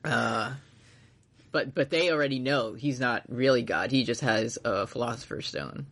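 A man's voice: medium pitch, moderate pace, fairly bright tone. A man co-hosting a casual anime recap podcast, rambling, swearing freely, laughing often and acting out characters' lines. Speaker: podcast co-host.

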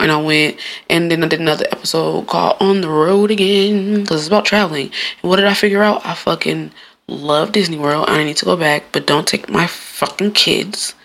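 Blunt, profane woman with a gravelly, bright voice. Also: low voice. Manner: blunt, profane and animated, with frequent cursing and laughing asides. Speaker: podcast host. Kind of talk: casual solo podcast monologue.

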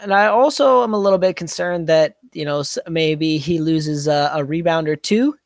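A man's voice: fairly high pitch, normal speed, no echo, clean studio sound. A man co-hosting a fantasy basketball podcast, talking casually and hesitantly with many filler words. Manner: hesitant, many likes and you-knows. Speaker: podcast co-host.

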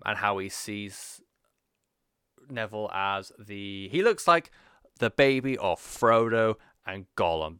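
A man's voice: lowish voice, bright, forceful tone, smooth, no echo, clean studio sound. A man hosting a casual recap podcast, chatty and rambling, with frequent fillers. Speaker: podcast host.

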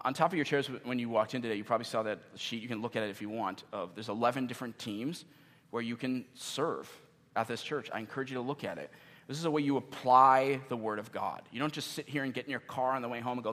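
Pastor preaching in an echoing gym. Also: male voice, medium pitch. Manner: earnest, emphatic, with sudden loud stresses and slowed key questions. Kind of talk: sermon. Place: church meeting in a gym. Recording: long reverb of a large gym.

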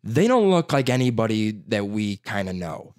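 A man's voice: fairly low pitch, big pitch swings, normal speed, darkish tone, dry recording. Rambling Chicago guy, dry sound. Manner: rambling, profane, laughing storyteller. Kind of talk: casual chat.

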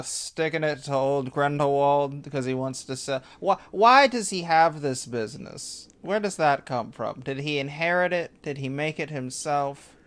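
A young man hosting a comedy podcast, riffing quickly with jokes and swearing. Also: on the high side. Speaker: podcast host. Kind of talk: casual comedy podcast chat.

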